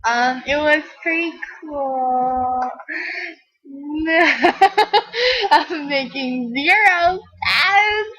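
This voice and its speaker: A woman's voice: sits high, extremely slow, sharp tone, poor audio. A teenage girl chatting casually while playing a game, rambling and giggling, a bit tired from little sleep, and acting out the people she quotes. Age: teens. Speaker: gaming video creator. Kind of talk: rambling casual chat over gameplay.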